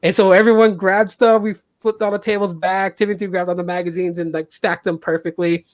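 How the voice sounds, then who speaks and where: A man with an animated way of telling a story, who acts out the people he quotes. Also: a little fast, dry recording. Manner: animated, acts out quotes with jumps in pitch and loudness. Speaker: podcast host. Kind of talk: casual storytelling.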